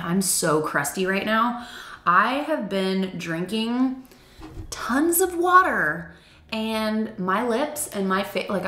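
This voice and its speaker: Chatty woman in a bright, echoey room. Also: lowish voice. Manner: chatty, self-deprecating, lots of "like". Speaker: beauty vlogger. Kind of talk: casual makeup review.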